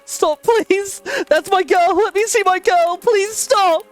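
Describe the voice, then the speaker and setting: A man's voice: extremely high pitch, slow pace, faint music behind, pitched above the performer's own voice. A man voicing a young man in a horror story, desperately screaming and pleading for his girlfriend. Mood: anguished screaming.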